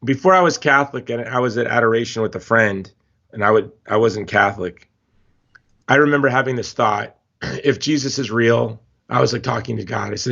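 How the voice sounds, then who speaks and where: A man from Hawaii, a guest in a casual interview, talking in an emphatic, animated storytelling way. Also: medium pitch, brisk, gravelly. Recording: slightly dull lo-fi audio.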